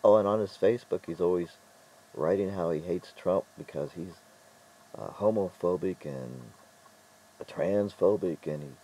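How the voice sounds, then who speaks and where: Deep-voiced middle-aged man rambling. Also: mellow, a little hiss or hum, poor audio. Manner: rambling, halting storytelling with frequent restarts. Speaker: vlogger. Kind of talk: casual vlog monologue.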